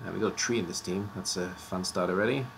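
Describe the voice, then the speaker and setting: Man, low gravelly voice, slightly worn out, joking streamer chat, faint background hiss. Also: steady tone, quick pace, fairly bright tone. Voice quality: joking, stumbles over odd names. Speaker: streamer presenting league teams. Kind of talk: casual live-stream commentary.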